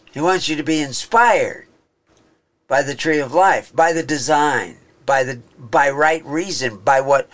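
A man talks through scripture in an informal teaching style, slow and unhurried. He rambles, stops to restart his sentences and fills the gaps with ums and uhs. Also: a little high. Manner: rambling, halting, with many fillers and restarts. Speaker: Bible teacher. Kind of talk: informal Bible teaching talk.

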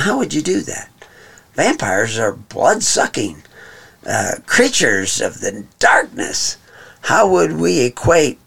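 A man's voice: medium pitch, creaky, fairly bright tone. A man hosting a program, giving a rambling monologue that mixes scripture with money talk, sarcastic with folksy asides. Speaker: program host. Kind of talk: monologue commentary on scripture and economics.

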